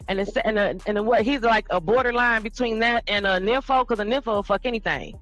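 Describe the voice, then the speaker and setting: Woman co-host, bright forceful tone, blunt rambling talker. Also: on the high side, fast, hardly any pauses, dry recording, faint music behind, rough recording. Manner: blunt, rambling, laughs while talking. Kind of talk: casual chat.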